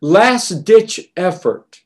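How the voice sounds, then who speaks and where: A male preacher delivers a sermon at an unhurried, deliberate pace. His voice sits a little higher than most men's, and he talks with steady earnestness, going quieter and lower when he quotes scripture. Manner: slow, earnest and deliberate, softening on quoted words.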